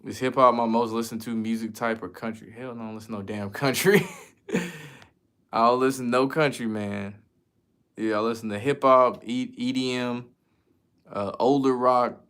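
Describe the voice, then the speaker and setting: A man's voice: medium pitch, steady tone, normal speed, a bit bright, clear, resonant tone. A man from the United States chatting casually as a streamer, answering viewer questions in a loose, slangy, profane way. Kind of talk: casual chat.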